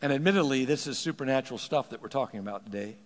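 A man preaching a sermon as pastor, animated and quick to repeat words as he starts a thought. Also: mid-range voice. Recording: long hall reverb.

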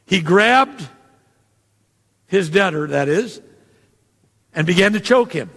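A man's voice: high voice, animated, slow, fairly bright tone. A man preaching a sermon in a conversational way, with asides and quoted dialogue. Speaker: pastor. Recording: long hall reverb.

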